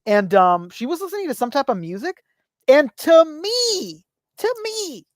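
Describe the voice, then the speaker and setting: A man's voice: very high voice, very animated, measured pace, dry recording, clean studio sound. A man co-hosting a casual podcast, telling rambling anecdotes and swearing freely. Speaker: podcast co-host.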